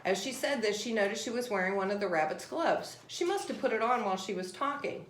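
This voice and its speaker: A woman reading a children's storybook aloud in a gentle, measured voice of middling pitch. The recording is roomy, with a clear echo around her. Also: animated, a little hiss or hum.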